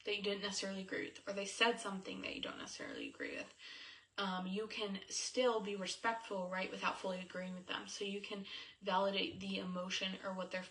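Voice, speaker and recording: A woman's voice: mid-range voice, sing-song, fast talker, a bit bright. A young woman giving a casual, chatty talk on faith and marriage as a coach, with many fillers. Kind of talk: casual teaching talk to camera. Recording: voice a bit distant from the mic.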